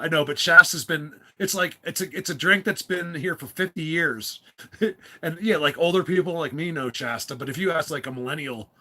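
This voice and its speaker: A man's voice: on the high side, normal speed, bright, forceful tone. A middle-aged man hosting a casual livestream chat, rambling and laughing often as he reads viewer comments. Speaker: livestream host.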